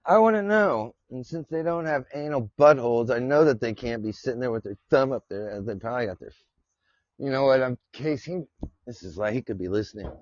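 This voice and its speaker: This male podcast host, mid-range and slightly mellow, talks a little fast without any echo. Chatting loosely on a live stream, he wanders from point to point, swearing and laughing frequently, all captured in dull lo-fi sound.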